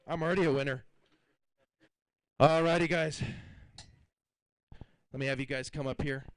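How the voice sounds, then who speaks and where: A man runs a live fishing weigh-in as emcee, his fairly high voice upbeat as he calls out weights and builds suspense for the crowd. The sound is close and dry. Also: fairly even intonation, moderate pace, smooth, dry recording, poor audio. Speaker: tournament emcee.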